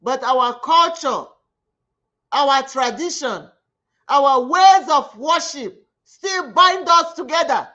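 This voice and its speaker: A woman's voice: high voice, lively intonation, takes it slowly, bright, forceful tone, lo-fi sound. A woman with a Nigerian Igbo accent, hosting her own media channel and making an impassioned, pleading spoken appeal with heavy repetition. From southeastern Nigeria. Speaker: online media host.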